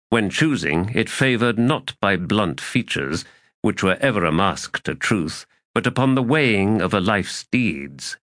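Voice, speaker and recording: A man narrates a fantasy novel with a somewhat low, steady voice. His reading is measured and solemn. The recording is dry and close, with no room sound. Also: dry recording. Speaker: audiobook narrator.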